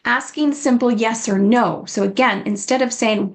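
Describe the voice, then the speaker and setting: A woman's voice: on the high side, moderate pace. A woman giving an informal, earnest talk on dementia care, often acting out quoted dialogue.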